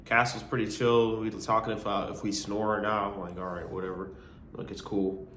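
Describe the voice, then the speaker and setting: A man's voice: on the low side, level tone, brisk, a bit bright. Young male college vlogger, casual slangy storyteller, roomy echo, faint background hum. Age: young adult. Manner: rambling, slangy, full of "you know what I'm saying".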